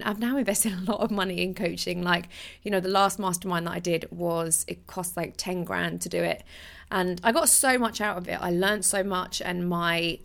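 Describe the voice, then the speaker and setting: Young woman, podcast host, chatty, low and slightly gravelly voice. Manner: chatty, animated, with restarts and laughs. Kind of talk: casual solo podcast talk.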